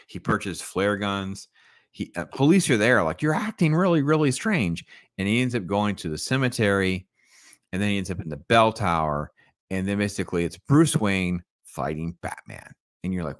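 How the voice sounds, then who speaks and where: A man with a deep, low voice hosts a casual, enthusiastic cartoon review. He talks straight to the listener and keeps checking in as he goes. The sound is dry and close, with no room around it. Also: fairly bright tone, dry recording. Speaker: host.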